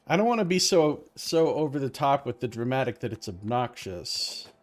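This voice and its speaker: A man's voice: mid-range voice, big pitch swings, moderate pace, soft background music. A man streaming a video game, chatting casually and self-amused as he tries out character voices. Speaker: let's play streamer.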